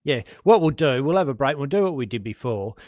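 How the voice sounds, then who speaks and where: Joking Australian darts commentator, dry mic. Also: male voice, mid-range voice, lively intonation, brisk, a little mellow, no echo. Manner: joking, chatty, self-deprecating. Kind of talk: casual live commentary.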